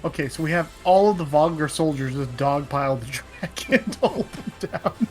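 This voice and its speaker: A man playing a tabletop game, lively and joking. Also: on the high side, normal speed, soft background music. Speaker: player. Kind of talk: casual tabletop play.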